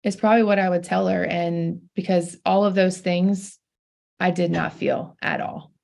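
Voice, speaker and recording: A woman's voice: lowish voice, steady tone, normal speed, gravelly, darkish tone. A young adult woman, a pastor and podcast guest, telling a personal story in an earnest, heartfelt way. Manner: heartfelt, earnest, laughs through tears.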